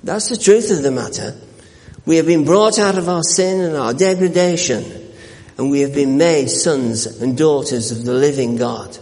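Male pastor, earnest sermon, slightly high voice, long church-hall reverb. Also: darkish tone. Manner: earnest preaching with repeated words and restarts, slowing for scripture.

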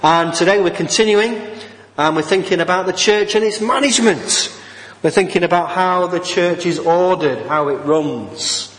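A man's voice: high voice, normal speed, fairly bright tone. Hesitant male minister in a reverberant church. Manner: hesitant with many fillers. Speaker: Baptist minister. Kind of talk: sermon.

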